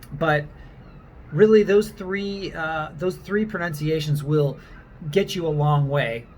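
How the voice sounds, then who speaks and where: A man's voice: fairly high pitch, slight background noise, rough recording. A man giving a casual spoken lesson for actors, in a loose, rambling way with frequent ums and restarts. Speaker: accent coach for actors.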